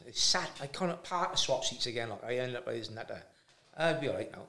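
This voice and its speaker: A man's voice: medium pitch, fast talker. A man telling a funny travel story in casual chat, acting out the other people's voices. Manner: animated anecdote-telling with voiced impressions. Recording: roomy echo.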